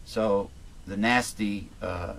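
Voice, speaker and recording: A man's voice: on the low side, steady tone, slow pace, a bit bright, a little hiss or hum. A man hosting a talk show, speaking in casual commentary that halts and restarts with repeated words.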